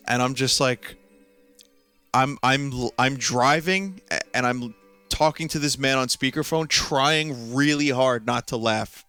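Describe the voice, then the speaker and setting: A man's voice: mid-range voice, unhurried, pushed and bright, clean tone, soft background music. A man streaming a video game, casually telling a long story with lots of fillers, restarts and amused asides.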